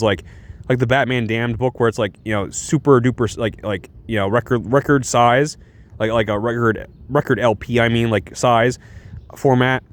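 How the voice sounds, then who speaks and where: Rambling, enthusiastic man reviewing comics. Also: mid-range voice. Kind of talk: casual video review.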